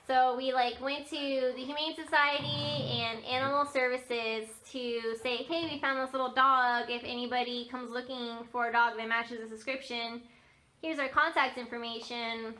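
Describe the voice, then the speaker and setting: Bright, high-voiced young woman vlogger. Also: steady tone, normal speed, slight background noise. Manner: chatty storytelling, many fillers and laughs. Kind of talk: casual chat to camera.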